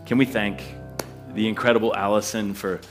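A middle-aged pastor preaching, reading scripture and telling lively personal stories, acting out voices and laughing as he goes. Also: fairly low pitch, normal speed, music in the background. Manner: animated storytelling, acts out voices, laughs often.

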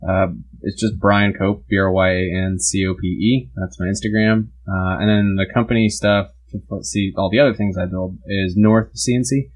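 Very deep husky man, halting speech. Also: steady tone, rough recording. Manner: halting, with many fillers and restarts. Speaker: guest artist and builder. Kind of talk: casual podcast chat.

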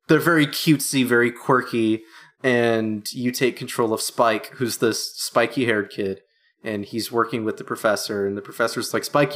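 A man's voice: mid-range voice, a bit bright. A man co-hosting a casual podcast, telling a story with enthusiasm and jokes. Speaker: podcast co-host.

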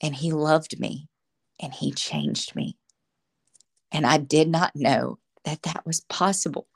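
A woman's voice: deep voice, slow pace, vocal fry, slightly rough. A woman as a podcast guest, telling her faith testimony in earnest, emotional storytelling. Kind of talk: personal faith testimony in conversation.

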